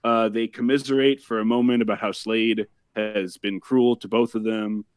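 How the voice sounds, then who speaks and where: A man hosting a casual podcast, recapping a TV episode in a wry, deadpan way. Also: on the low side, normal speed, smooth, dry recording, clean studio sound. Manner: wry, deadpan summarizing with profanity.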